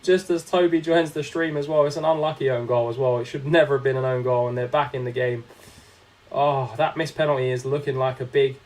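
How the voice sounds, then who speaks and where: A man's voice: medium pitch, steady tone, brisk. A young man, chatting casually while commentating his own game on a live stream and answering viewers. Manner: chatty, reacting to the game and reading chat aloud.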